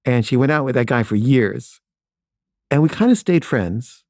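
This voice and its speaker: Middle-aged male storyteller, mid-pitched voice, plain candid delivery with a wry edge. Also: animated, normal speed, a little mellow, dry recording, studio quality. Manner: candid, matter-of-fact recounting with wry asides. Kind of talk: personal storytelling.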